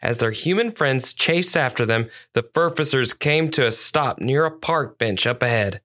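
A storyteller narrating a children's police story at a measured, clear pace. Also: mid-range voice, lively intonation, fairly bright tone.

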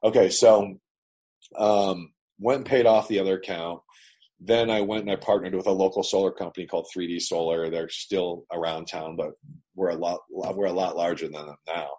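A Canadian business owner, appearing as an interview guest over a remote internet call, tells his story casually in a blunt, profane, emphatic way. His voice is low-pitched, steady, and warm with a slight roughness, and he speaks at a moderate pace.

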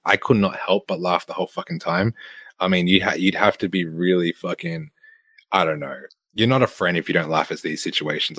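A man with an Australian accent and a very deep voice tells a story in an easy, sweary way and laughs often. He is recorded close and dry, with no room sound. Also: a bit bright, no room sound. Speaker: online fitness coach. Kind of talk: casual storytelling monologue.

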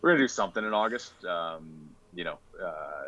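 A young man from Rhode Island speaks as a podcast guest, with a very low, bright and forceful voice. He talks casually and hesitantly, with many ums and restarts. The recording is dry and a little dull. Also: expressive, fairly quick, no room sound. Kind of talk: casual interview chat.

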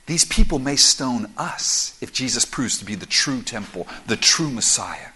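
A man preaching a sermon as pastor, explaining scripture verse by verse in an animated, conversational way with quick asides. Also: medium pitch, husky. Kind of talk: expository sermon.

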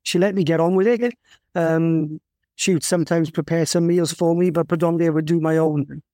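A man in his fifties from South Wales with a Welsh accent, a guest telling his story in a rambling, halting way with many restarts. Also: on the high side, steady tone, warm tone, dry recording, studio quality. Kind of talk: casual interview conversation.

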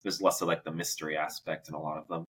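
A man's voice: a bass voice, flat delivery, fast, fairly bright tone, husky. A man co-hosting a podcast, chatting casually about a film in a rambling way with many fillers. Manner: rambling, lots of "like" fillers, laughs often. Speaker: podcast co-host. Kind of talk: casual movie review chat.

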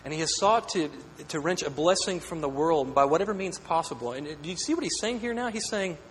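Man, fairly high voice, earnest sermon, rhetorical questions, repeats words, long hall reverb, faint hum. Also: lively intonation, fairly quick, few pauses, a bit bright. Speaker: pastor.

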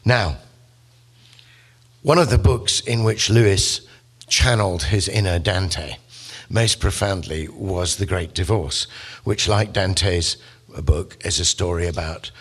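A man giving a literature lecture, telling the story with animated, acted-out quotes. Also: low voice, measured pace, husky.

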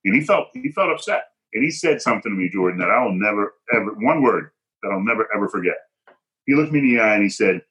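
A man tells a personal story as a podcast guest, hitting his points hard and acting out the voices of people he quotes. His voice sits a little low and has a bright, forceful edge. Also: big pitch swings, fast, poor audio. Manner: emphatic, punchy, acts out quoted dialogue.

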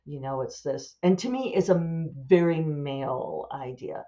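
A woman author and podcast host with a very deep, warm voice chats casually on her own at a measured pace, rambling and thinking aloud, amused by her own asides. The sound is lo-fi.

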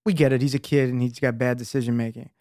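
A man's voice: mid-range voice, steady tone, quick pace, dark tone, no echo, studio quality. A man in his thirties co-hosting a casual podcast, a father telling earnest stories and acting out quotes. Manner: earnest storytelling, acts out quotes.

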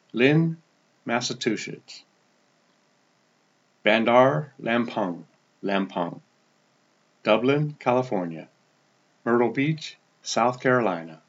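A man hosting a casual podcast update, reading out a long list of listener towns, each one falling in pitch at the end, and stumbling over the foreign names. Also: dull audio. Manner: pitch drops at the end of each place name. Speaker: podcast host.

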